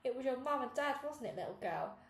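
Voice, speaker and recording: A woman reading aloud, voicing a bullying male hotel manager who shouts and accuses. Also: sits high, lively intonation, fairly quick, echoey room. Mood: angry.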